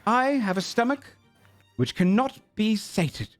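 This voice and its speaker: A man's voice: high voice, big pitch swings, unhurried, faint music behind, pitched above the performer's own voice. A theatrical owl-folk woman of a fantasy circus, a glutton who swallows anything, played by a man with a voice pushed well above his own. She announces each course grandly, drawing her words out like a stage act. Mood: showy.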